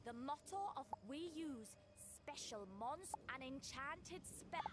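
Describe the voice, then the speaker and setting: An actress voicing a female wizard-school teacher in a game, giving quest instructions in a measured, instructive way. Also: high-pitched, expressive. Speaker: game character. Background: game music.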